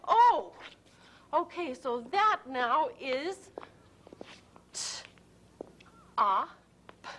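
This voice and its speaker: A flustered high-voiced lady, bright and slow. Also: full character voice. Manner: gushing, flustered, stammering. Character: fussy excitable woman hunting her lost tot. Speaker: worried mother looking for her child. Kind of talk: children's educational TV sketch.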